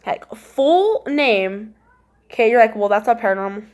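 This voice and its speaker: A young woman casually recounting a spooky childhood story, acting out voices and gestures and dropping to a hush at tense moments. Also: fairly high pitch, moderate pace. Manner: animated, acts out voices and gestures; drops to hushed tones at tense moments.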